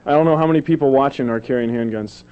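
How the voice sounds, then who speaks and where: A man's voice: medium pitch, fast talker, smooth. A man performing a silly, self-mocking stand-up comedy set on a television show. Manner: goofy, self-mocking, jumps into silly put-on voices. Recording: dull lo-fi old TV recording.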